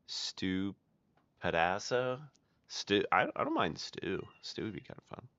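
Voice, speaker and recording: A man's voice: sits low, expressive, unhurried, sharp tone, no echo. A man streaming a survival game, chatting casually with his viewers as he plays. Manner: chatty, talks to viewers while playing. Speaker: gaming streamer. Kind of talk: casual live commentary while playing. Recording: dull lo-fi mic with faint noise.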